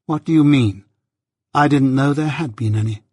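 A man's voice: medium pitch, moderate pace, a little mellow, slightly rough, no room sound, studio quality, natural voice. A man voicing a proud, cold young woman who answers in a clipped, scornful, aloof way, read as part of an audiobook. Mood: cool. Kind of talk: audiobook character reading.

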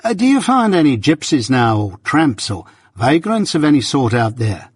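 A man's voice: medium pitch, big pitch swings, normal speed, husky, no echo. A man reading the part of a sly, secretive male stranger who asks probing questions.

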